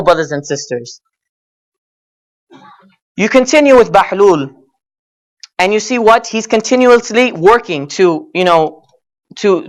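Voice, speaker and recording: A man's voice: very high-pitched, fairly bright tone. A young man giving a sermon at a religious gathering, earnest and direct, calling the listeners brothers and sisters and often saying "you know" as he tells a story. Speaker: speaker at a Muharram gathering.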